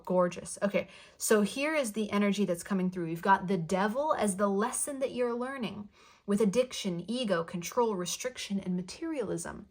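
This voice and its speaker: A woman gives a tarot reading in a soft, affectionate tone, speaking straight to the listener. She is playful and warm in her wording and says her affirmations twice over. Her voice sits at an ordinary middle pitch. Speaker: tarot card reader. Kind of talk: spoken tarot reading to viewers.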